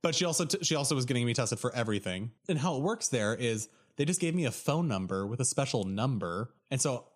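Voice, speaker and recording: A man's voice: medium pitch, animated, fast, few pauses. Giggly American guy with hiccups. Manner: giggly, apologetic, rambling. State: has the hiccups. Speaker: podcast co-host. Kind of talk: casual storytelling chat.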